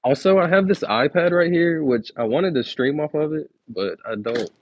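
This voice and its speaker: A man's voice: a little high, animated, moderate pace, no echo, highs cut off. A young man streaming, counting aloud and chatting to viewers in a laid-back way, saying "like" a lot, recorded on earbuds.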